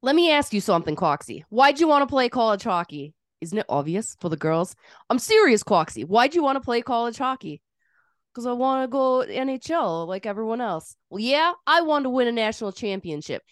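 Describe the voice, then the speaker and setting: A woman's voice: fairly high pitch, sing-song, fairly quick, no room sound, studio quality, pitched above the performer's own voice. Woman doing a cocky Boston hockey guy. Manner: cocky, heated, challenging. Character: brash young male Boston college hockey player.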